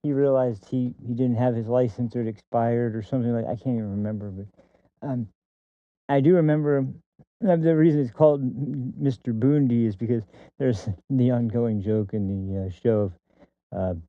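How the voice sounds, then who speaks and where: A man's voice: mid-range voice, moderate pace, dry recording. Podcast guy rambling, lots of ums n laughs, dry tinny sound. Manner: rambling, full of fillers and laughs. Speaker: podcast host. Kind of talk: casual opinion podcast. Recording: dry, tinny phone-like line.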